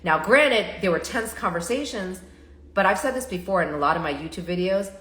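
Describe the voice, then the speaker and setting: A woman therapist hosting a live stream, talking in an animated, chatty way and often stopping to restart her sentences. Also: medium pitch, brisk. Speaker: therapist and show host. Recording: roomy echo.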